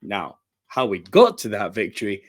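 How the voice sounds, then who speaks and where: A man in his thirties hosting a wrestling review, talking with excitement and breaking into laughter and high exclamations. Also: normal speed. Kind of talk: enthusiastic review monologue.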